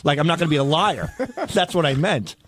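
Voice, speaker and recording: A man's voice: on the high side, a little fast, fairly bright tone. A man in a heated on-air radio argument, defending himself in a rambling way and often breaking into laughter. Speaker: radio show staffer.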